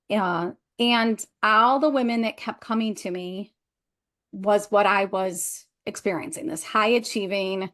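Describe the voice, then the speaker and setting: A middle-aged woman, a clinical therapist, answering interview questions in a measured, reflective way with frequent pauses and ums. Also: mid-range voice, fairly bright tone. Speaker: guest, clinical therapist and coach. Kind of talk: interview answer, personal story.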